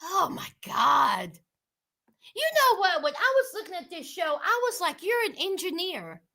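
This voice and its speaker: Sassy lady doing a reality tv recap, real high voice, lively, talks kinda slow. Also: vocal fry. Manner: sassy, animated, addresses viewers directly. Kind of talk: casual recap commentary to viewers.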